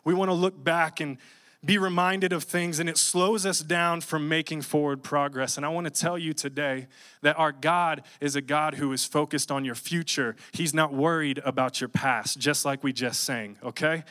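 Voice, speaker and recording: Man, young adult, pastor, storytelling sermon, jokey, animated, fairly high voice. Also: moderate pace.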